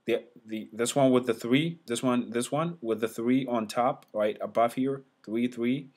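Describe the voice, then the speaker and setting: Slow man sounding out letters. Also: mid-range voice, a little mellow. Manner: frequent fillers and restarts. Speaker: teacher. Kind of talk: casual whiteboard lesson.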